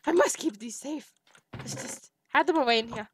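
A woman's voice: high-pitched, lively intonation, normal speed, husky. A woman giving gameplay commentary, talking to herself and to in-game animals, swinging into melodramatic mock outrage and fake sobbing. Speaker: streamer playing a survival game.

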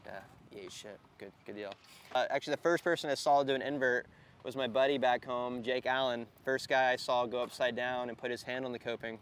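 Hoarse, cursing skateboarder man. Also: medium pitch, fairly even intonation, fairly quick, fairly bright tone. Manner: rambling, heavy cursing, self-conscious. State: hoarse, worn-out voice; tired and out of breath. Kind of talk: candid outtakes while filming.

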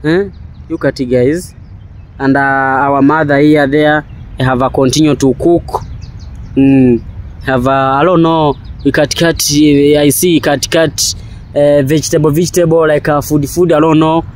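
A man, vlogging a walking tour outdoors in broken English, full of excited repeated exclamations. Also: fairly high pitch, measured pace. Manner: non-native English, broken grammar. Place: outdoors in a park.

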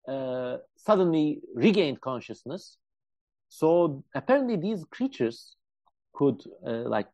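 A man's voice: mid-range voice, a little mellow, dry recording, muffled recording. A man co-hosting a casual podcast, retelling a story animatedly with jokey asides and many fillers. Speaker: podcast co-host. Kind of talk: casual chat.

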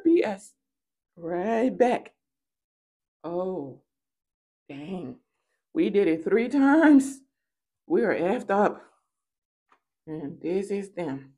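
A woman's voice: mid-range voice, animated, slow pace, long pauses, warm tone. A woman doing a casual tarot reading for her viewers, talking in a playful, sassy and theatrical way, with singsong rhymes and acted-out bits. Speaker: tarot reader.

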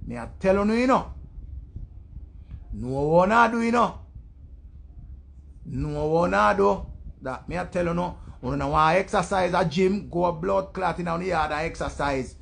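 Ranting Jamaican man, gravelly and high. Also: unhurried, pauses often. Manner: loud, profane patois rant, mimicking voices. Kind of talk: ranting commentary.

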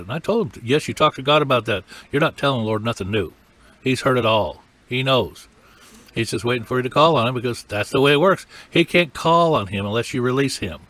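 A man's voice: mid-range voice, a bit bright. An older man teaching a sermon in a folksy, emphatic way. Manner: folksy, emphatic, acts out cries and quotes. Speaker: preacher.

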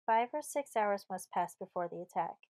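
Lady reading a storybook aloud, steady pace, mid pitch, dry no-echo sound. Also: normal speed. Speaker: audiobook narrator. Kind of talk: scripted narration.

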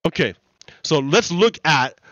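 A man's voice: on the high side, expressive, a little slow, fairly bright tone, no room sound, dull audio. A man hosting a let's play, laughing often and breaking into shrieking outbursts as he rants with incredulous swearing. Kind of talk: casual commentary over gameplay.

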